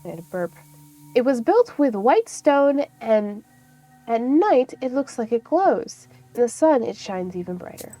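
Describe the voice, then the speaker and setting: A woman's voice: a little high, sing-song, measured pace, warm tone, faint music behind. A woman streaming a video game, reading its text aloud with casual asides. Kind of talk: casual let's-play commentary.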